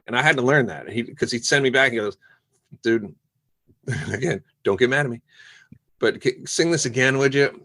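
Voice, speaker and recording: A man in a casual podcast interview, telling animated stories about making music. He acts out quoted voices as he goes, and his voice sits at an everyday middle pitch. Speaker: musician guest.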